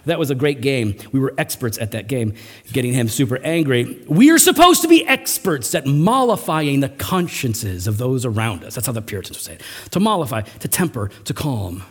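A middle-aged man preaching a sermon as pastor, with animated, emphatic rising runs. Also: medium pitch, normal speed, breathy edge. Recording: long hall reverb.

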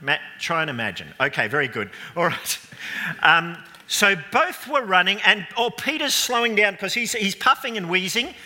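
Playful pastor in a reverberant church. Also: male voice, high-pitched, very animated, normal speed, pushed and bright. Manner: playful, coaching volunteers with running stage directions. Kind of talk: all-age Easter sermon, directing a re-enactment.

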